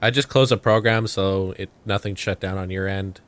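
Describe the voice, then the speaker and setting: A man's voice: low-pitched, steady tone, normal speed, fairly bright tone, smooth. A man co-hosting a podcast in casual chat, swearing freely. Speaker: podcast co-host.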